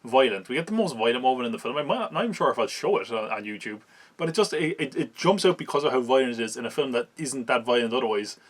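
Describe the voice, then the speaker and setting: A man's voice: medium pitch, lively intonation, fast talker. A man, hosting a podcast and recapping a film in casual, wry chat, laughing at it as he goes. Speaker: podcast host reviewing a film.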